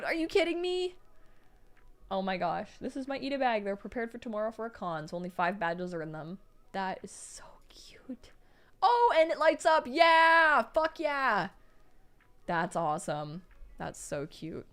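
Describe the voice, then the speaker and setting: Animated, gushing young woman streamer. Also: mid-range voice. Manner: gushing, excitable reactions. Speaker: livestream host. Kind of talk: live-stream chat reading.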